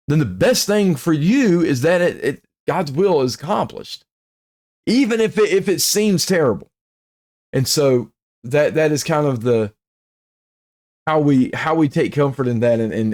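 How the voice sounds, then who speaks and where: A male pastor teaching a bible study in an earnest way, often repeating and restarting his words. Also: medium pitch.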